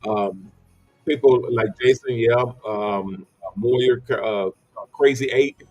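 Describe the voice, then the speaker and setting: A man's voice: medium pitch, fairly even intonation, unhurried, no room sound, muffled recording, soft background music. A man hosting a livestream in a casual, rambling way, often repeating himself and greeting viewers by name. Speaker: livestream host.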